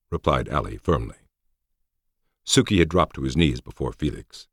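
A male audiobook narrator with an extremely deep, gravelly voice tells the story steadily. His intonation moves a lot, and the sound is close and dry. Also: expressive, moderate pace, no echo.

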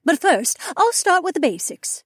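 A man voicing a cheerful young woman who loves to cook, in an audiobook, speaking in a bright, eager, upbeat way. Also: very high-pitched, sing-song, normal speed, dry recording, clean studio sound, voice pushed up, exaggerated voice. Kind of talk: audiobook character voice.

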